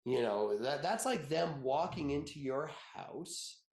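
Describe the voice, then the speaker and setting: A man's voice: on the high side, lively intonation, slow, a little mellow, echoey room. A man in his thirties, an attorney giving a conversational webinar, chatty and joking, telling personal stories and laughing often.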